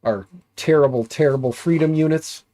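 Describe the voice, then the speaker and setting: A man's voice: fairly high pitch, moderate pace, mellow. Stuffy-nosed American man chatting on stream. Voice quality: nasal, stuffy. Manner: rambling, joking, many fillers. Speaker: livestream host. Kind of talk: casual live-stream chat.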